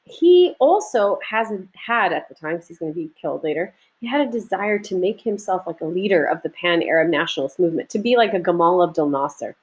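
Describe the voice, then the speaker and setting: A woman's voice: on the low side, lively intonation, brisk, hardly any pauses, poor audio. A woman from Iraq giving a recorded history lecture, talking in a loose conversational way with restarts and asides to her students. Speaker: teacher.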